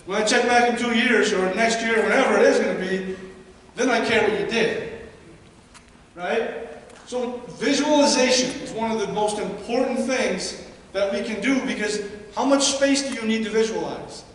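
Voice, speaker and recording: A man in his thirties giving a lively motivational talk to young ball players and parents, often asking the audience questions. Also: high-pitched, moderate pace, a little hiss or hum. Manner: energetic, asks the audience questions. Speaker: guest speaker at a youth baseball seminar. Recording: echoey hall, mic far off.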